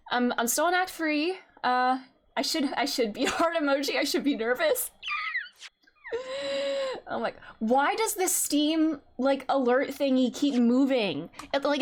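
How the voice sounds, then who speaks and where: A young woman streaming a game, chatting casually with her viewers in an excitable way, with lots of gasps and fillers. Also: high-pitched. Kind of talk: casual live-stream chat.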